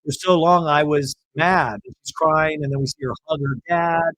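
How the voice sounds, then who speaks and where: A young man hosting a solo recap podcast, talking casually and mimicking cast members' lines in an animated voice. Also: on the high side, moderate pace, no room sound, clean studio sound. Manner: swears casually. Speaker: podcast host.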